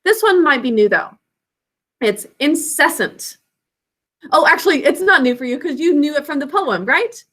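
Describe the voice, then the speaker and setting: A woman teaching a spelling lesson in a high voice with a crisp, bright edge. She draws each word out slowly, sounding out its syllables. She keeps calling on the class to repeat after her. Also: animated. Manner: slow, drawn-out enunciation of words and sounds; call-and-response prompting.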